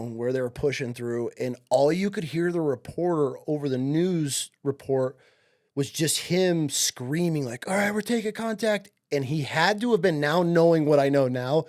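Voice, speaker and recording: Medium-pitched and a bit mellow, a forties-aged man from upstate New York chats casually as a podcast guest. He tells stories, swears without restraint and voices the people in them.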